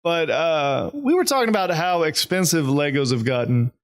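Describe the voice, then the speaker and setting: A man's voice: fairly high pitch, very animated, normal speed. A man with a Texan accent, co-hosting a podcast in easygoing, chatty casual talk that trails off with fillers. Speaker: podcast co-host. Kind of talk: casual chat.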